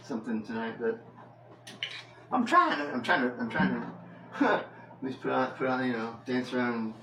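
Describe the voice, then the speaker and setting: A man's voice: medium pitch, roomy sound, recorded from a distance, slight background noise, rough recording. A man vlogging in a loose, rambling monologue, full of fillers and laughs. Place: house with the door open.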